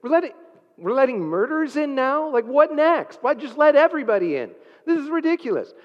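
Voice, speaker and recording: A man preaching voices an indignant person in heaven, protesting in a shrill, incredulous tone. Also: big pitch swings, fairly quick. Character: indignant heaven-goer complaining about newcomers. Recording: dull sound with long hall reverb.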